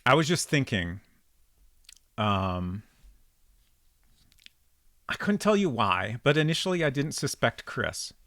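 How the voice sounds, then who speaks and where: A man's voice: medium pitch, very animated, slow pace, pauses often, a bit bright, no room sound, clean studio sound. A man streaming an old detective game, thinking aloud in a casual, rambling way with frequent ums as he works things out. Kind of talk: casual let's-play commentary.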